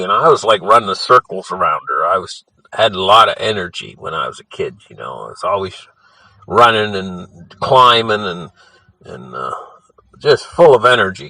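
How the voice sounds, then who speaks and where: A man's voice: fairly low pitch, sharp tone, no room sound, low-quality recording. An older man telling a childhood story in a casual, rambling way, often adding "you know" and restarting his sentences.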